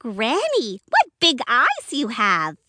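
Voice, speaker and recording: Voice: mid-range voice, huge pitch swings, slow pace, background noise. A performer voicing a cheerful little girl in a red hood in a puppet show, sweet and sing-song. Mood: curious.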